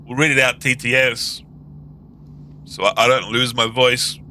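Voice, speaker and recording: Slow, bright-voiced male streamer. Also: mid-range voice, fairly even intonation, slight background noise. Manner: slow, repeats questions word by word while typing. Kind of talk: casual live-stream chat.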